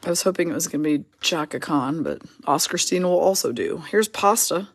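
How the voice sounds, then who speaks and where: A woman hosting a live card break, her voice a bit lower than most. She works through player names and teams in quick lists and chats with viewers between cards. The sound is dry and close, with no room echo. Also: lively intonation, slightly rough.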